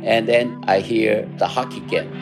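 Older Taiwanese-accented man, halting. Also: fairly low pitch, steady tone, vocal fry. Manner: halting, unhurried, many fillers. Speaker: interviewee. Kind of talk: recalled interview. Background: music.

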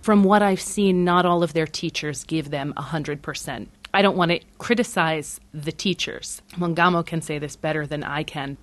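A woman who directed a documentary, giving measured, thoughtful answers in an interview. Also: sits low, no room sound.

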